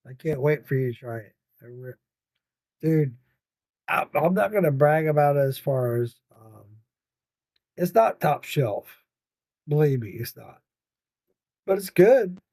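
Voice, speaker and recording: A man's voice: fairly high pitch, animated, unhurried, long pauses, darkish tone, dry recording. A tired man hosting a casual late-night livestream podcast, reading viewers' comments aloud in a rambling, swearing, laughing way. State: tired, yawning. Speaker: podcast host reading live chat.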